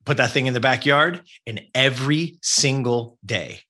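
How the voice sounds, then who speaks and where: A man's voice: medium pitch, moderate pace, sharp tone. A man, telling a personal story as a guest in an earnest, emphatic way and often checking in with "right?". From Southern California. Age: 50s.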